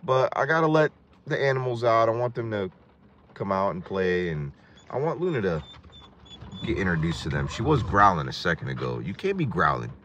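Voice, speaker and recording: A young man vlogging casually around his farm and new house, chatting, laughing often and using high baby talk with the animals. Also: big pitch swings, brisk, fairly bright tone, slight background noise. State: soaked from rain. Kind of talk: casual vlog narration. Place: outdoors on a farm, and a house under construction.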